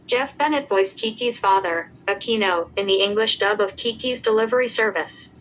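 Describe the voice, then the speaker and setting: A woman giving a scripted narration, reading out lists of names and dates at an even pace. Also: mid-range voice, normal speed, slight background noise, low-quality recording.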